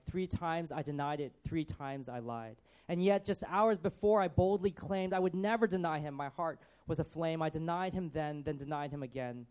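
A man's voice: on the high side, a little mellow, lightly acted. A man reading a rhymed poem in the voice of a guilt-stricken male disciple who begs for mercy. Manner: rhymed, pleading poetic recitation.

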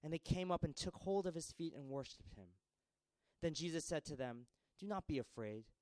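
A man preaching a sermon dramatically, with a repetitive cadence that swings between raised pleas and hushed lines. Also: fairly high pitch, normal speed, no echo, rough recording.

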